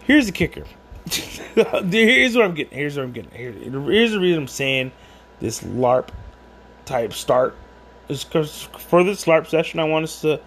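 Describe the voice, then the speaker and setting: A man at home rambling through a casual monologue with many restarts and asides while he drinks. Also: a little high.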